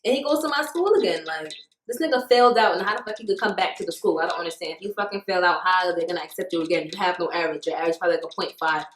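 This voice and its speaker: A woman's voice: on the low side, very fast. A young woman in college casually telling a story to camera, swearing freely and acting out what people said. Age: young adult. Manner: animated, profane, acts out quoted lines. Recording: echoey room with faint noise.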